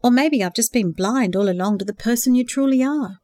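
A woman voicing a hopeful, earnest young woman in love, speaking softly and a little higher than her narration. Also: brisk, no echo, studio quality, lightly acted. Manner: earnest, emotional, sighing.

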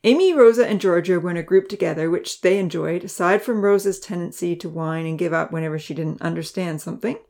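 A woman reading a children's chapter book aloud with steady, expressive narration. Her voice sits low with a noticeable gravelly fry. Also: fast, hardly any pauses. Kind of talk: storybook narration.

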